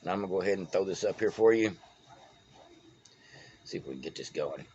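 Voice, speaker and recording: A political vlogger from Texas talks in a rambling, folksy way with a Texan accent, stumbling over names in casual solo commentary. His voice is low, expressive, a little fast, and darkish in tone. Recorded on a phone, the audio is dull with a little hiss or hum.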